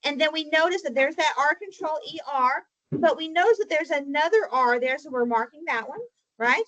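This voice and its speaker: A woman's voice: sits high, animated, brisk, fairly bright tone, low-quality recording. A woman teacher leading a spelling lesson in a classroom, patient and coaxing, often saying mm-hmm.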